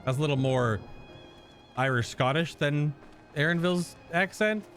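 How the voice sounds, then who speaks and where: A man's voice: a little high, normal speed, fairly bright tone, faint music behind. Rambling man reacting to a game. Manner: rambling, talks to himself, laughs often. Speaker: streamer playing a video game. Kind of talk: casual gameplay reaction commentary.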